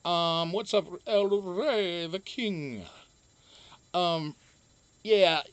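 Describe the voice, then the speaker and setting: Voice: medium pitch, drawn-out words, fairly bright tone, clear, resonant tone, dry recording. A livestream host chatting casually and reading viewer comments aloud, swearing freely, joking and laughing often, with frequent ums.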